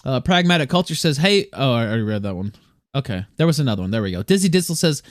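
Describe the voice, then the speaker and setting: A man's voice: medium pitch, sing-song, quick pace, no echo, clean studio sound. A man hosting a livestream, talking casually, reading chat messages aloud and often breaking into chuckles. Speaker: livestream host.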